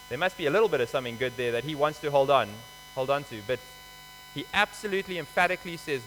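A man's voice: on the high side, animated, quick pace, a bit bright, soft background music. A man preaching a sermon, explaining scripture in a conversational, emphatic way. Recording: hall reverb with faint mains hum.

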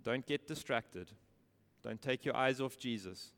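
Unhurried and medium-pitched, this preacher's smooth, resonant voice has a fairly bright tone. His sermon leans on rhetorical questions and repetition, echoing with the long reverb of a big hall.

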